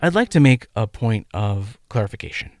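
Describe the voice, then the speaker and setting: A man hosting a medical teaching podcast, delivering a scripted lecture in a measured, emphatic way and counting out rhythms aloud. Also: lowish voice, lively intonation, no room sound. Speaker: podcast host and medical educator.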